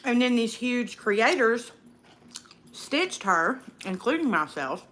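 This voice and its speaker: A woman's voice: on the high side, bright, forceful tone. A young woman hosting a casual eating livestream, outspoken and profane, ranting and reading viewer comments aloud. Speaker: livestream host.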